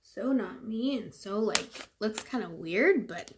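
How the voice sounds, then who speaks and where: A woman's voice: medium pitch, lively intonation, takes it slowly, noisy background. A woman from California chatting casually through a livestream while she does her makeup, rambling with lots of fillers.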